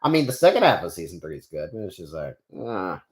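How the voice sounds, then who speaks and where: Chatty young man with lively pitch. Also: fast talker. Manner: rambling, many fillers and restarts, chatty with viewers. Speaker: streamer. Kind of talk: casual live stream chat.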